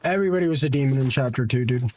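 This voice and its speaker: A man's voice: medium pitch, racing, darkish tone, slight background noise. A man streaming a game, chatting offhand with his viewers and teammates and teasing them casually. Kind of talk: casual gaming stream chat.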